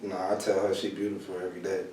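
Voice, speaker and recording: Man, relaxed casual chat, low voice, distant mic, heavy room echo. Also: very fast, a little hiss or hum. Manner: relaxed, full of fillers like "you know". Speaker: guest.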